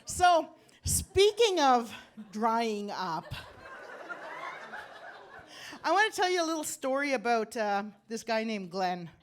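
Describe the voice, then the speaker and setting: Brief: older woman comic, higher-pitched voice, rambling self-mocking stand-up, coughing, handheld mic on stage. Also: very animated, slow pace, long pauses. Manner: rambling, self-deprecating, laughs at own jokes. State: coughing from bronchitis. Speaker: stand-up comedian. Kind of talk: stand-up comedy set. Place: comedy club stage.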